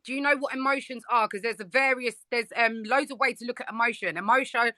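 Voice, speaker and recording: A woman's voice: a little high, fast talker, bright, forceful tone, no room sound. A woman in a heated live debate, insisting on her point and talking over the other speaker. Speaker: guest debating on a live stream.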